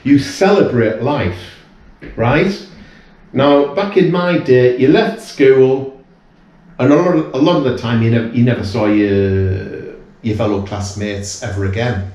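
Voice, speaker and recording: He's a British man in his fifties, speaking as a guest in casual conversation with a medium pitch, a darkish tone and a measured delivery. Earnest but meandering, he keeps restarting his sentences, and he's captured far from the mic in a very echoey room.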